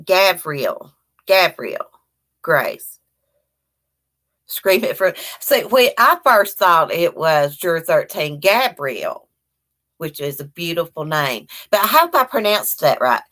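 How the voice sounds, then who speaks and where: A middle-aged livestream host from Virginia greets her viewers by name in a rambling, talkative chat. She sounds very animated, pitched on the low side, pushed and bright, and speaks a little slowly.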